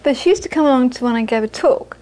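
A woman's voice: high voice, expressive, quick pace, darkish tone, low-quality recording. A woman, a Buddhist teacher, giving a dharma talk to a live audience with anecdotes, frequent laughter and repeated phrases for emphasis.

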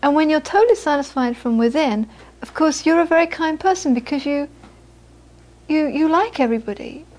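A woman teaches as a Buddhist teacher, her voice bright and high. She tells anecdotes with animated quoted voices and drops to a soft, hushed tone for reflection. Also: a little fast. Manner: storytelling, animated when quoting, soft and hushed on inner peace. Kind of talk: dharma talk with anecdotes.

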